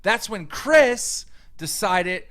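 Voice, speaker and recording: A man's voice: high-pitched, lively intonation, extremely slow, a bit bright. A man ranting angrily and profanely, mocking the person he answers. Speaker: YouTube commentator. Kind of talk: heated rant.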